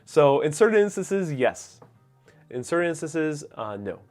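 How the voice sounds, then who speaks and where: A young man with a Nuyorican accent from Queens, answering viewer questions in a relaxed, rambling way with plenty of fillers. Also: on the high side, unhurried, faint music behind. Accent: New York Puerto Rican, Queens. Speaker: host. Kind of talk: casual livestream Q&A.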